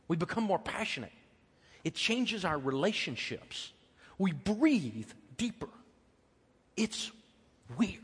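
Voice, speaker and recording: A middle-aged American man preaching a sermon as pastor, telling personal stories in a conversational way that swings from loud emphasis to hushed tenderness. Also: on the high side, slightly rough. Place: church auditorium. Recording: long hall reverb.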